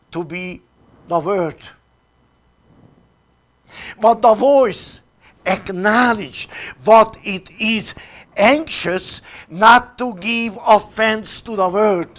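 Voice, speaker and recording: A priest leading a retreat reads a sermon in a high-pitched voice. He goes slowly and deliberately, with long pauses and dramatic shifts between loud and soft.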